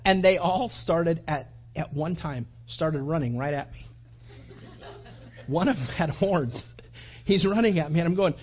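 Husky high-voiced preacher telling a story. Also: male voice, moderate pace, dull audio. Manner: animated storyteller, acts out his own thoughts. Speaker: pastor. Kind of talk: sermon with a personal story.

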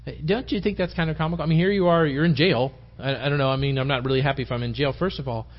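A man's voice: on the high side, racing. Man preaching casually on a dull tape. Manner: informal and rambling, with frequent restarts and acted-out quotes. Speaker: lay preacher teaching Bible study. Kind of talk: conversational sermon.

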